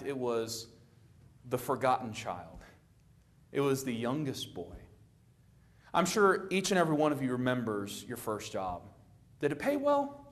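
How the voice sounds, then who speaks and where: A middle-aged man preaching a sermon, telling the story with lively acted-out quotes and a plain conversational manner. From Florida. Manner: animated storytelling, acting out quoted lines with rising pitch.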